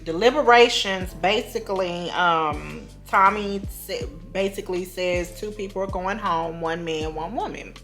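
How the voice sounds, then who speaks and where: A gossipy woman talks through a reality-show recap in a lower-pitched voice. She strings her points together with fillers and side comments. Faint music plays underneath. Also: measured pace, hardly any pauses, fairly bright tone. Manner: chatty, gossipy, full of fillers and asides.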